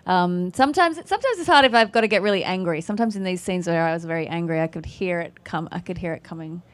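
An Australian actress with an Australian accent, answering panel questions in a playful, self-deprecating way. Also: female voice, on the low side, fast.

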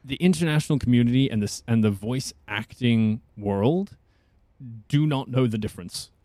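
A man's voice: medium pitch, normal speed, warm tone, no echo, clean studio sound. A man who is a voice actor, chatting as a guest in a casual interview, rambling and often restarting his sentences.

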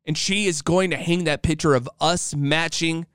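A man in his thirties tells a casual story on his own podcast in an animated, jokey way. His voice sits a bit high for a man and sounds smooth and clear. The sound is dry and close, with no room echo. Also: normal speed. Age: 30s. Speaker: podcast host.

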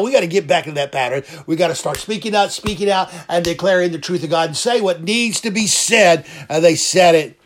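A man's voice: sits high, a little fast, few pauses. A man preaching a sermon, fervent and emphatic, repeating phrases for emphasis. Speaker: pastor.

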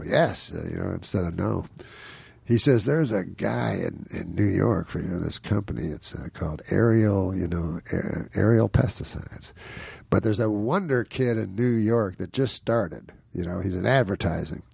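A man's voice: deep voice, expressive, normal speed, vocal fry, mellow, husky, no echo. A man, a guest comedian, telling a rambling anecdote, chuckling often and mimicking the people in it. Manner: meandering storyteller, chuckles often, mimics people in his stories.

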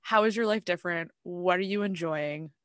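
A host leads a casual chat, firing off strings of questions. The voice is bright and edged. The recording is dry and close. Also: medium pitch, normal speed, dry recording. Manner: asks strings of questions, animated. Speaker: podcast host.

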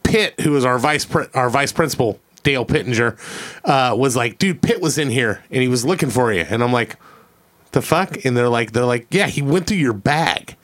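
A man's voice: medium pitch, lively intonation, brisk, a bit bright. A man co-hosting a podcast in a studio, telling a profane story and acting out the quotes in it. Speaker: podcast co-host. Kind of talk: casual chat.

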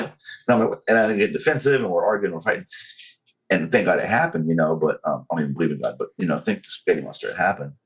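A man in his forties from North Carolina with a Southern accent, telling his story as an interview guest in a slow, controlled, frank way. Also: low-pitched, low-quality recording.

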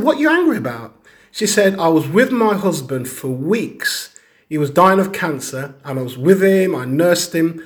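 A man giving an earnest teaching talk on grief, telling stories and acting out the people he quotes. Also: a little high. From Caribbean heritage. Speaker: speaker on grief and bereavement.

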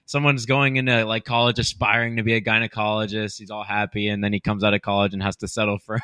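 Easygoing bright-voiced man joking around. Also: on the low side, little pitch movement, fast talker, clean tone, dry recording, clean studio sound. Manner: easygoing, laughs along, joking. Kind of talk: casual joke chat.

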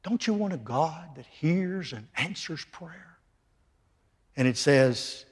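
A man preaching a sermon, emphatic, dropping from loud declarations to hushed lines. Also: on the high side, lively intonation, takes it slowly, husky. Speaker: pastor. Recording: long reverb of a large hall.

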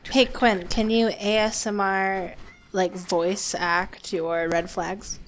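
A woman co-hosting a casual group podcast over a remote call, playful and quick to giggle. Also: medium pitch, flat delivery, slight background noise. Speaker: podcast co-host.

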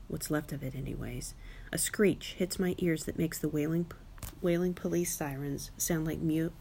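Woman reading a kids book aloud, lowish gravelly voice, wry and lively. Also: a little hiss or hum. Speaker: audiobook reader. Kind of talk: children's audiobook narration.

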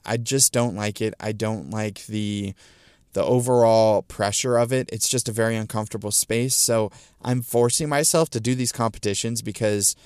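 Low, smooth-voiced man rambling on a podcast. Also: darkish tone, no room sound, clean studio sound. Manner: rambling, many ums and restarts. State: clearing throat, hiccups. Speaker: podcast host. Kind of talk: casual solo podcast talk.

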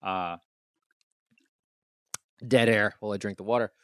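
A young man telling an animated story in casual chat, acting out the voices he overheard. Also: fairly low pitch, measured pace, clear, resonant tone, no echo, clean studio sound. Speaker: podcast co-host.

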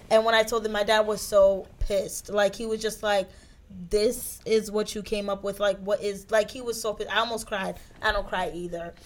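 A woman from a Haitian family hosting a casual podcast, talking in a relaxed, conversational way. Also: mid-range voice.

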